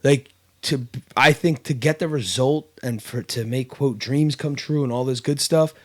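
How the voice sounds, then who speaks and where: This podcast host, a man with kids, chats casually and tells a story packed with fillers and restarts. His voice is medium-pitched and his speed is normal.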